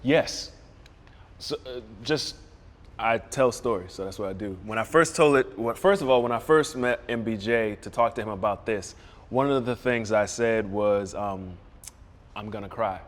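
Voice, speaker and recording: A man's voice: on the low side, normal speed, big-room sound. A man guest in a casual chat, telling a story with a lot of restarts and repeated words. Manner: animated storyteller who acts out quoted voices. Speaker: guest, series creator.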